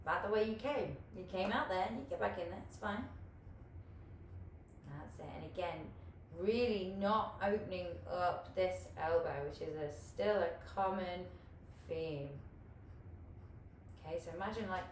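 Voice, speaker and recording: A woman whose voice is on the low side, at normal speed, leads a live online hula hoop class from her home room. She's chatty and encouraging, swearing casually and laughing often, while the echoey recording sits far from the mic with a faint hiss.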